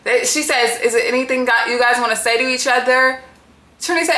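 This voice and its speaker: Profane woman recapping reality tv, bright highish voice, echoey room. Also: fairly quick. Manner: profane, animated and opinionated. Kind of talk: casual recap.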